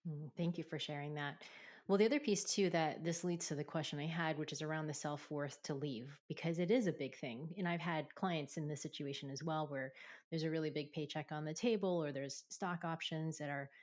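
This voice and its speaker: A woman's voice: low voice, fairly even intonation, fairly quick, darkish tone. A woman hosting a podcast interview, asking long, reflective questions and affirming her guest. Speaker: podcast host. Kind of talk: conversational interview.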